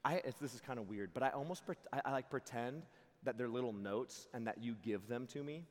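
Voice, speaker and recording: A young man speaking as a camp preacher, telling stories with lively quoted voices and frequent laughter. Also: mid-range voice, fairly quick. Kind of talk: youth camp sermon. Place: large hall before a live audience. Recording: hall reverb.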